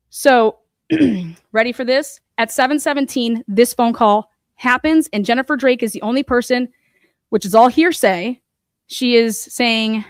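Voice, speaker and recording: A woman's voice: fairly high pitch, dry recording, clean studio sound. A woman hosting a true crime podcast, talking bluntly and profanely as she walks through a case with plenty of fillers. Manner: profane and blunt, retelling events with lots of fillers. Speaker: host.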